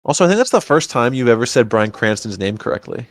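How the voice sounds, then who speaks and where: A man co-hosts a podcast in casual chat. He speaks at a mid pitch with a blunt, playful, ribbing manner. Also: very animated, quick pace. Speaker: podcast co-host.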